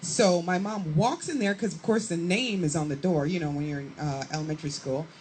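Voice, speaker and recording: A woman comedian telling a profane stand-up story with lively acted-out quotes. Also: on the low side, brisk, slight background noise, low-quality recording. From Chicago area, USA. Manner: profane, animated, acts out quotes.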